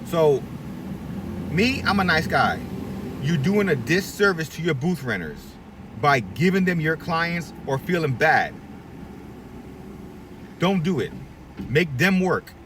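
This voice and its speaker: A man's voice: a little high, big pitch swings, slow, long pauses, far from the mic, noisy background. A middle-aged man who owns a barbershop, giving blunt, profane advice to other shop owners and acting out the people he quotes. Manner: blunt, profane, preachy, acts out quoted voices. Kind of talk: candid advice rant to camera.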